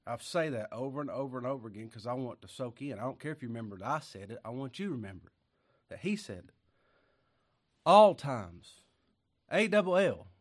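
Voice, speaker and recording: A man preaching a folksy sermon in a voice of middle pitch. He is sick with a cough and short of breath. He drifts from low, quiet asides to loud, emphatic preaching. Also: expressive, fast talker. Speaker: pastor.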